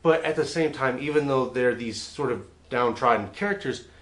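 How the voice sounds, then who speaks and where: A man's voice: medium pitch, normal speed, a bit bright. A man hosting his own film review show, talking through a classic western in a casual, chatty way and often repeating words as he restarts a thought. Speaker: movie reviewer.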